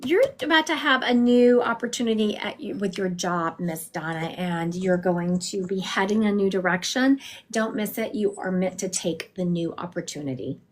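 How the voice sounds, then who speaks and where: A woman's voice: medium pitch, moderate pace. A woman, chatting casually to viewers on a livestream as she gives psychic readings from home. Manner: chatty, warm-hearted, talks straight to viewers.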